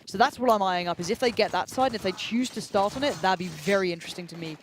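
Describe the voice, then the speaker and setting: Quick, high English man casting. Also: a little hiss or hum. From England. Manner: chatty, quick analytical patter. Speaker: esports caster. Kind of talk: live match commentary.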